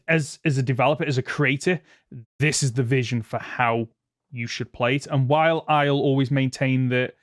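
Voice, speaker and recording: A man's voice: medium pitch, no room sound, clean studio sound. A man hosting a podcast, making a casual argument with many restarts and fillers. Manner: rambling, restarts often, laughs easily. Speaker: podcast host. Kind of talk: casual debate.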